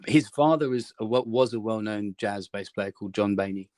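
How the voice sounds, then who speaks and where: A man's voice: on the low side, a little fast, few pauses, a little hiss or hum. English man telling a rambling story. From England. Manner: rambling, lively anecdotes with many restarts. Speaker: musician guest. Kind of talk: storytelling in interview.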